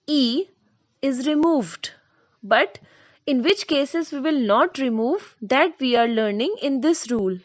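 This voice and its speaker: A woman teaching spelling rules, speaking slowly, repeating herself and spelling out letters one by one. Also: fairly high pitch. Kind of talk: explaining spelling rules to learners.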